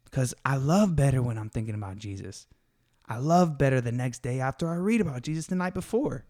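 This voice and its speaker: A man hosting a casual faith podcast, talking in an earnest, confessional way, full of slang and emphatic asides. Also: medium pitch. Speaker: podcast host.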